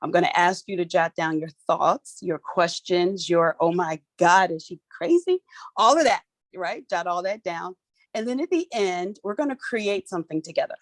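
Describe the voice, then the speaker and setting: A middle-aged woman, hosting an online workshop in a playful, animated, colloquial way, talking into her phone on a video call. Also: on the low side, moderate pace, dry recording. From Philadelphia, USA. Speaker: workshop host. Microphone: phone for audio on a video call.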